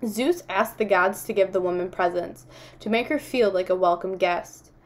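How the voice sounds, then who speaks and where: A woman's voice: medium pitch, normal speed, close to an everyday voice. Woman reading as a worked-up young girl, earnest and kinda indignant. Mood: insistent. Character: anxious, insistent young girl storyteller.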